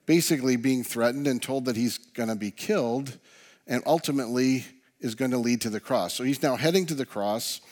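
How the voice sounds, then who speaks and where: A man preaching a sermon as pastor, earnest, often dropping to a soft hush on key words. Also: medium pitch.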